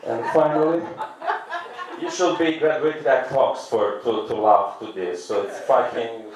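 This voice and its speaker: A man with an Italian accent doing a stand-up comedy set in halting, hesitant English. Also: mid-range voice, fairly even intonation, recorded from a distance, crowd noise. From Italy. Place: comedy club stage, indoors. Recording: roomy echo, mic from afar.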